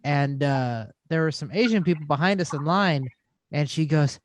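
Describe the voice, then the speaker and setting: A man's voice: on the high side, expressive, normal speed, no room sound. A middle-aged man hosting a podcast, ranting and swearing through casual chat. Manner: ranting and profane. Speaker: podcast host.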